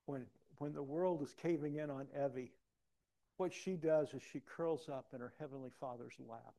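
A man preaching a personal testimony, acting out dialogue and swinging from soft to loud. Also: medium pitch, normal speed. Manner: animated, acts out dialogue, big swings in loudness. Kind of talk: sermon storytelling.

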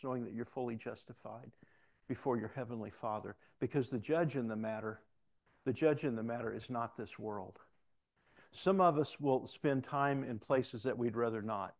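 A man's voice: mid-range voice, a little mellow. A middle-aged man, preaching a sermon in a conversational, folksy way and acting out the dialogue in his stories. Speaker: former sheriff giving a church talk. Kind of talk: sermon with storytelling.

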